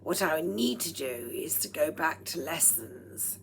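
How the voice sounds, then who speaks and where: A woman with a low, throaty and strained voice talks into a microphone at home. She speaks slowly and deliberately, with slightly proper phrasing, and often sinks into breathy whispered asides. A faint hum sits under her voice. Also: lively intonation. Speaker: vlogger. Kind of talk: rambling personal vlog monologue. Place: at home while cooking.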